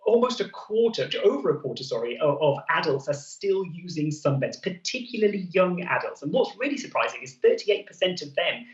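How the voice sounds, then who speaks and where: Man, doctor giving brisk health tips, higher voice, roomy studio, set back from mic, slightly dull. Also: sing-song, recorded from a distance. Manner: brisk, clear, advice-giving. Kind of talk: explaining health advice on a morning show.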